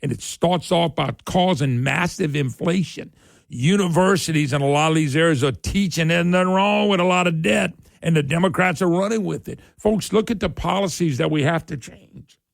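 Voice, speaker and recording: A man's voice: on the high side, normal speed, creaky, dry recording. A middle-aged man, hosting talk radio in an opinionated political monologue. He talks in a fiery, emphatic way, repeats his points and climbs sharply when worked up.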